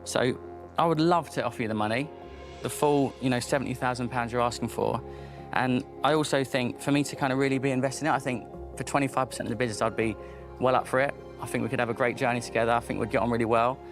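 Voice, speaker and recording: Fast-talking emotional man. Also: medium pitch, steady tone. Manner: warm, emotional, encouraging. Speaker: investor on a panel. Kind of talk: business show conversation. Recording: light music underneath.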